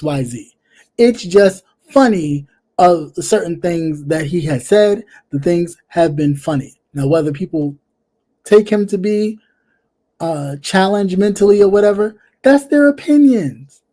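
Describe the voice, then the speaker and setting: Sassy, blunt livestream host with a mellow voice. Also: mid-range voice. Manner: sassy and blunt, addressing a viewer directly; repeats phrases, trails off into soft fillers. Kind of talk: casual live-stream commentary.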